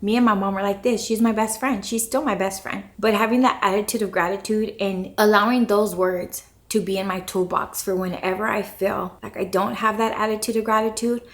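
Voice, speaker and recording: A woman's voice: mid-range voice, fairly even intonation, brisk, few pauses. A woman in her thirties giving an earnest, faith-filled motivational vlog talk and repeating her catchphrase. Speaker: vlogger.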